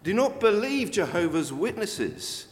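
An older man delivers a sermon with a fairly high voice. He talks conversationally, then lifts his voice sharply for emphasis. The sound carries a long reverb from a church hall. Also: very animated, a little slow. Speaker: preacher.

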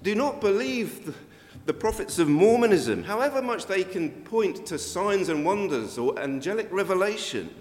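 An older man preaching a sermon in a conversational way, with sudden emphatic rises. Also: high-pitched. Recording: long reverb of a church hall.

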